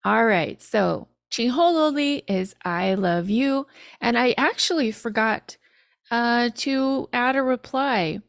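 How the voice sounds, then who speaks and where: Woman teaching language phrases on a live stream, slow easy talk, chatty, dry close sound. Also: a little high, vocal fry, no room sound. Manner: chatty, laughs at literal meanings.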